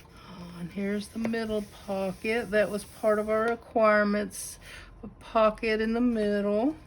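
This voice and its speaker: A woman with a Southern US accent showing a crafted notebook to her camera at home, gushing with admiration and slipping into breathy asides. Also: mid-range voice, little pitch movement, a little slow, a little hiss or hum, rough recording. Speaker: craft channel host. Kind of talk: casual unboxing show-and-tell.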